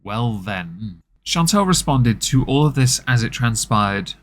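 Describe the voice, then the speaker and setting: A man hosting a commentary channel, wry and sarcastic, reading messages aloud with deadpan delivery. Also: medium pitch, moderate pace, slight background noise.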